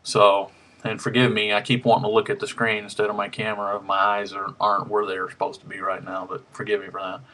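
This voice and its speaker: A man's voice: fairly low pitch, completely flat delivery, brisk, pushed and bright, slight background noise. A man, rambling through a casual webcam vlog at home with lots of ums and restarts, a little out of breath. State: slightly out of breath. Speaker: harmonica hobbyist vlogger. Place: home room. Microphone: webcam mic.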